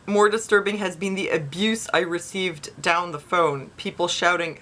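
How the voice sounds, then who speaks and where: A woman's voice: lowish voice, unhurried, hardly any pauses, pushed and bright. A woman vlogger giving casual commentary as she reads news aloud, with skeptical, sarcastic asides and quotes read in mocking voices.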